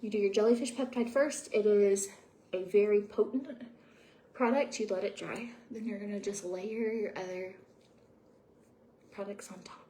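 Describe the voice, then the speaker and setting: A woman's voice: medium pitch, steady tone, normal speed, pauses often, dark tone, slight background noise. A young adult woman chatting casually at home while doing her skincare routine, rambling and confiding with lots of fillers. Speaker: beauty vlogger.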